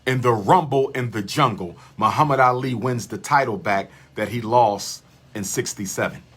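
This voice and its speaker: A man speaks to his livestream audience in a rousing, preacher-like cadence, hammering each point home by saying it twice. His voice is husky and a little breathy, sitting at an ordinary mid pitch. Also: normal speed, fairly bright tone. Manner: preacher-like, repeats lines for emphasis. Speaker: livestream host. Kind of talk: impassioned livestream lecture.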